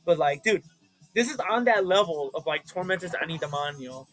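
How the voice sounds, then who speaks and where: Young man, high voice, excitable, profane, casual chat, faint background music. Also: normal speed, rough recording. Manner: excitable and profane, with bursts of shouting. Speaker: vlogger showing his record collection.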